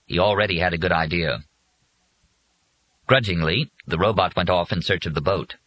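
A man reading an audiobook in a husky voice with dramatic, expressive scripted narration. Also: sits low, moderate pace, rough recording.

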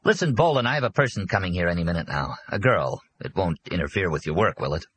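A man's voice: sits low, lively intonation, fast talker, a bit bright, breathy edge, full character voice. A man reading an audiobook, voicing a brash, pushy middle-aged union boss who talks bluntly and boasts. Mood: boisterous. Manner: blunt, boastful, jumpy and eager to please. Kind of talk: audiobook character voice.

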